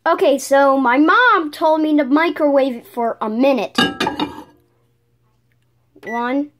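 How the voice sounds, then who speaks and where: A woman's voice: sits high, slow pace. A young woman making a casual home vlog, breaking into exasperated outbursts of disbelief. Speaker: vlogger.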